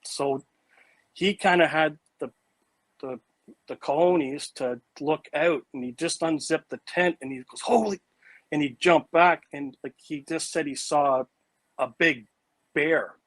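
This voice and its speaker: Animated man telling a story, slightly high. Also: measured pace, no echo, rough recording. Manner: animated and vivid, with frequent "like" and "you know" fillers and restarts. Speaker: interview guest recounting an encounter. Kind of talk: casual spoken storytelling.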